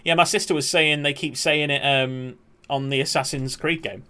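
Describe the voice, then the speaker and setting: A man's voice: on the high side, fairly even intonation, normal speed, bright, forceful tone, smooth. A man chatting casually on a game stream, swearing and talking to his chat.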